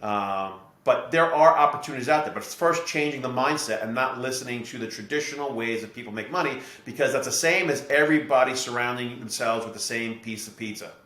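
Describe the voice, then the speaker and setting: A man's voice: mid-range voice, a little fast, hardly any pauses. Middle-aged man telling a story in an echoey room. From New Jersey, USA. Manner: steady, explanatory, anecdotal. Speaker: guest, real estate investor. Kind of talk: podcast interview storytelling.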